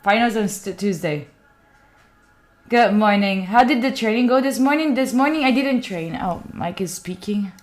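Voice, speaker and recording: A woman's voice: medium pitch, lively intonation, moderate pace. A woman, a live streamer chatting casually with her viewers and thinking aloud while she sets up. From Italy. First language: Italian. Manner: chatty, thinks aloud, talks straight to chat.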